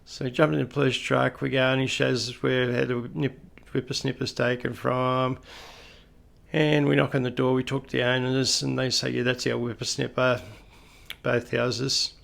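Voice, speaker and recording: Gravelly middle-aged Australian man. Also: medium pitch, little pitch movement, moderate pace, fairly bright tone. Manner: conversational, folksy asides. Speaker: retired police officer storyteller. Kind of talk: casual anecdotal storytelling.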